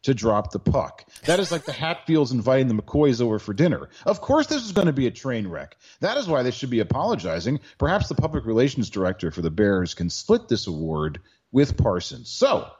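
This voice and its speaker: A man's voice: medium pitch, big pitch swings, fairly quick, hardly any pauses, a little mellow, breathy edge, muffled recording. A male podcast co-host giving a sarcastic, mock-formal award speech in casual sports banter.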